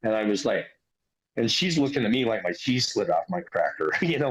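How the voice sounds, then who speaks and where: A man's voice: medium pitch, expressive, moderate pace, poor audio. A man casually recounting a spiritual experience in an earnest, conversational way. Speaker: interviewee recounting near-death experience. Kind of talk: casual storytelling.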